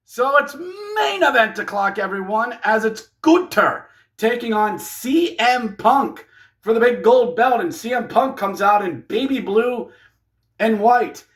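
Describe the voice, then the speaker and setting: A man giving a casual, jokey wrestling review, getting excitable and acting out what the wrestlers say. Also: extremely high pitch, unhurried.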